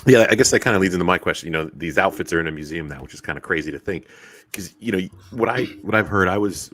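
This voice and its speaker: A man's voice: low voice, quick pace, a bit bright, a little hiss or hum. A man in his forties, hosting a casual interview and asking long, rambling questions. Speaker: host.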